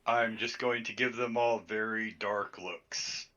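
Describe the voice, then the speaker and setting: A man playing a tabletop game online, chatting in a relaxed way. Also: on the low side, a little slow, lo-fi sound. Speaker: player. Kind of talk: casual tabletop game chat.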